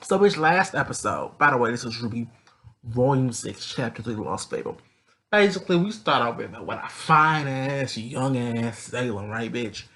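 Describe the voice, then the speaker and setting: A man recaps a story episode in a loose, sassy chat, swearing freely and rambling along. His voice is bright and sharp, at an average pitch for a man. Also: normal speed. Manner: animated, profane, sassy, rambling. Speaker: recap vlogger. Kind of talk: casual, profane story recap.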